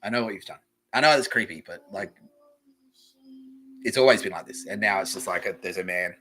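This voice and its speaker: A man's voice: low-pitched, brisk, sharp tone. An Australian man hosting a comedy podcast, ranting in a profane, rambling, mock-outraged way. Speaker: podcast host. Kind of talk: comedic rant.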